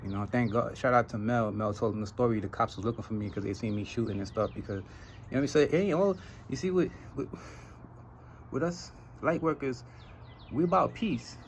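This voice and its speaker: A Trinidadian man hosting a podcast in a casual monologue, telling animated stories and laughing often. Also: medium pitch, a little fast, a little hiss or hum, poor audio. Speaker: podcast host.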